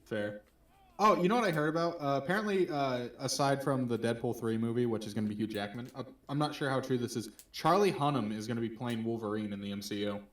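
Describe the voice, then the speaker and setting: A man's voice: mid-range voice, fast talker. A man chatting loosely about games as co-host, swearing and laughing as he rambles. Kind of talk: casual gaming chat. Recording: echoey room, distant mic.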